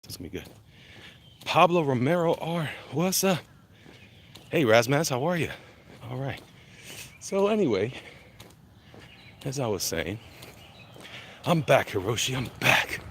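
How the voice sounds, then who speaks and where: A man chatting casually on a livestream while walking briskly outdoors, a bit out of breath, greeting viewers by name as he rambles. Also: mid-range voice, sing-song, a little hiss or hum. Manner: reads chat names aloud, greets viewers, rambling. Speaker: comic artist livestreaming. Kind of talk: casual live-stream chat while walking. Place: outdoors walking through a neighborhood.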